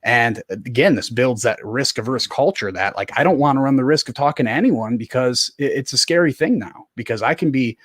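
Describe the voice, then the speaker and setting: A man's voice: mid-range voice, brisk, few pauses, no room sound, studio quality. A man hosting a podcast in casual conversation, talking earnestly with many fillers. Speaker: podcast host.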